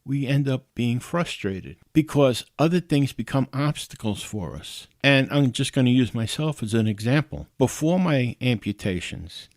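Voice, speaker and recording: A man's voice: medium pitch, a little mellow, dry recording, clean studio sound. A man hosting a podcast, telling a personal story in a casual, conversational way and chuckling now and then. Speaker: podcast host.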